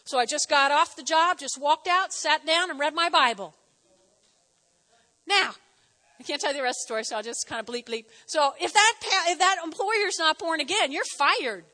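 Woman pastor, middle-aged, New Jersey accent, animated sermon delivery, high bright voice, reverberant church hall. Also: moderate pace. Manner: lively, animated preaching with audience call-and-response.

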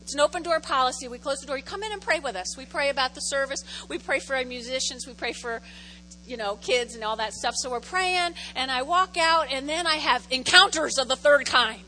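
A woman's voice: sits high, a little fast, bright, forceful tone, slight background noise, low-quality recording. A middle-aged woman pastor preaching a conversational sermon in a church, telling stories animatedly and repeating phrases for effect. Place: church sanctuary.

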